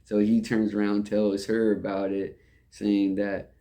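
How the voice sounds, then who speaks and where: A man's voice: on the low side, level tone, measured pace, warm tone. A young man who works in a restaurant, telling a rambling, repetitive story in casual talk. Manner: rambling, repeats "and all that stuff".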